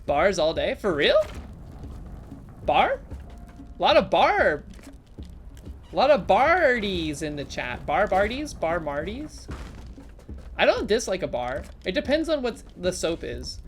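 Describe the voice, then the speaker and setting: A woman's voice: medium pitch, big pitch swings, takes it slowly, pauses often, soft background music. A young adult woman streaming, chatting playfully and reading chat aloud. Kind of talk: casual live-stream chat.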